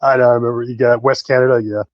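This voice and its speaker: A man's voice: medium pitch, flat delivery, very fast, no room sound. Rambling man on a dull, dry line. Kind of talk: casual live stream chat.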